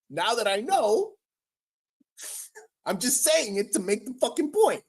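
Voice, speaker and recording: A man's voice: very high-pitched, sing-song, takes it slowly, slightly rough. A man hosting a livestream, ranting in a profane, exasperated way with frequent stammers. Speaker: livestream host. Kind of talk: casual livestream rant.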